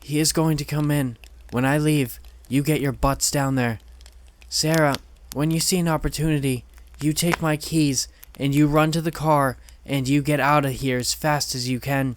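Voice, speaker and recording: A man's voice: on the high side, fairly even intonation, moderate pace, voice pushed up, close to an everyday voice. A man voicing a resolute mother who gives urgent, firm instructions in a slightly raised voice. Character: resolute mother protecting her children.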